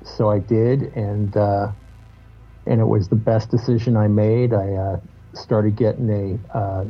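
A man with a low, husky voice talks as a podcast guest, candid and reflective, cursing casually as he opens up. The sound is muffled and lo-fi. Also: steady tone, measured pace, faint music behind. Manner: candid, reflective, loose and swearing. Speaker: guest musician. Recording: muffled lo-fi audio.

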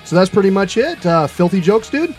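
A man's voice: sits high, sing-song, fairly quick, faint music behind. A man co-hosting a podcast, joking crudely and laughing often. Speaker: podcast co-host. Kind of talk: casual crude banter.

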